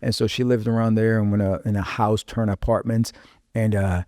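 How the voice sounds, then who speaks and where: Pastor guest, low voice, dry studio sound; animated testimony storyteller who acts out quoted lines. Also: male voice, normal speed, dry recording. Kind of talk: personal testimony in casual interview.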